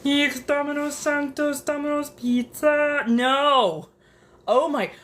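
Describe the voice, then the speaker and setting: Chatting casually in her apartment, this ASMR streamer has a voice that sits high and a bit bright, with a steady tone and a slow pace. She's profane and dramatic, now and then drifting into whispers.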